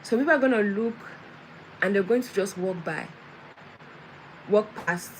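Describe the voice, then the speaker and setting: A woman's voice: mid-range voice, moderate pace. Chatty young woman from West Africa. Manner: chatty, with many restarts and laughs, animated storytelling. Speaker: vlogger. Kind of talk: casual live-stream chat. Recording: noisy background with vehicle sounds.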